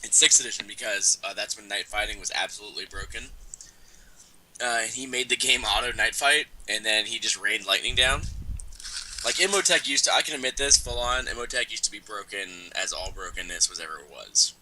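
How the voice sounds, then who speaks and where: A man with a very bright, forward voice chats eagerly about tabletop wargame rules on a live show. He talks while eating and has pulled his mic back. A faint hiss sits under his voice. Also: lowish voice, a little fast, low-quality recording. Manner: enthusiastic about game rules. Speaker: show host. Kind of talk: casual gaming chat.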